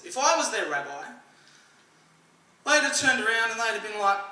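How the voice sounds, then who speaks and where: Young Aussie bloke, stand-up at church; high, bright voice, roomy hall with the mic set back. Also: male voice, very animated, moderate pace, long pauses, slight background noise. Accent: Australian. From Australia. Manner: dry storytelling, acts out quoted voices loudly. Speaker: stand-up comedian at a church service. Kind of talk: stand-up comedy. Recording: echoey hall, mic at a distance.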